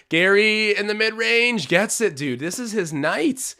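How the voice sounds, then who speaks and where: Excitable man hosting a game watch-along. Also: high voice, measured pace, hardly any pauses. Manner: animated, swings from hyped to groaning. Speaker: live-stream watch-along host. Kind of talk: excited live game commentary with chat.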